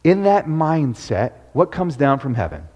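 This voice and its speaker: A man's voice: fairly high pitch, big pitch swings, unhurried, warm tone. A man leading an interactive Bible study, quizzing his listeners and repeating key points. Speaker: Bible teacher. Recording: long hall reverb.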